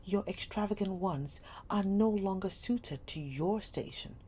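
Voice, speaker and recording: A woman's voice: medium pitch, unhurried, slightly rough. A woman doing a cold, stern schoolmistress. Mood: scornful. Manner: stern, sharp, scolding. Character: cold domineering schoolmistress, middle-aged woman.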